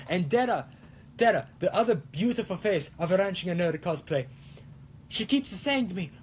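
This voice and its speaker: A man's voice: high-pitched, animated, moderate pace, slight background noise. A young man hosting a casual cosplay livestream, rambling goofily through viewer comments in a hammy put-on Italian accent. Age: young adult. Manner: goofy, rambling, self-mocking. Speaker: cosplay show host.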